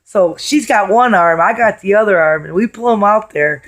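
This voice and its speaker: A hoarse woman telling a story in a casual vlog, chatty and blunt, swearing freely. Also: mid-range voice, moderate pace. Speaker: vlogger.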